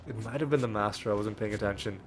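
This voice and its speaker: A man's voice: fairly low pitch, quick pace. Man with a cold narrating gameplay. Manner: rambling, hesitant, thinks aloud. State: ill with a cold, occasional coughs. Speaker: let's play host. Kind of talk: casual gameplay commentary. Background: faint game music.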